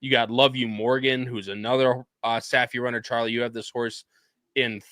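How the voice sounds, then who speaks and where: A man's voice: medium pitch, level tone, moderate pace, fairly bright tone, dry recording. A man hosting a casual horse-racing podcast chat, talking loosely with restarts and friendly banter. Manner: loose, rambling, with restarts and laughs. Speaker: podcast host.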